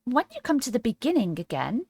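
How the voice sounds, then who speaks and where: A woman doing a curious little girl voice, earnest and a bit flustered, lively pitch, dry. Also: fairly quick, slightly rough, no room sound, heavily acted. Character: polite, curious young girl. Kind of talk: storybook character voice.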